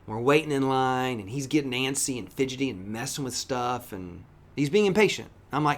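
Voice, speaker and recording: A middle-aged pastor giving a devotional teaching, reading scripture and preaching in an emphatic, lively way. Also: male voice, mid-range voice, brisk.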